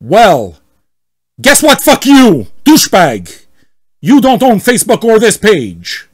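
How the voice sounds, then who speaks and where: A man reading aloud an angry online rant in the indignant, shouty voice of a furious adult man. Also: on the high side, sing-song, exaggerated voice. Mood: enraged. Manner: shouty, indignant, drawn-out delivery.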